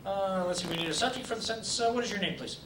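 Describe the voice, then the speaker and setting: A man's voice: high voice, racing, distant mic, background noise. A man doing a stand-up set in a comedy club, teasing the crowd with crude jokes. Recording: roomy club taped from afar, loud crowd.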